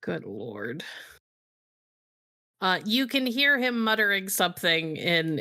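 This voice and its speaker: Low-voiced woman storyteller. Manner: relaxed, filler-heavy narration. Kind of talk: narrating a tabletop role-playing game.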